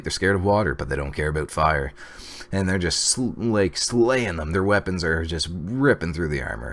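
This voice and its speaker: A man casually recapping a TV episode, rambling with fillers and excited reactions. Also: low voice. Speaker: TV episode reviewer. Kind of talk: casual video review.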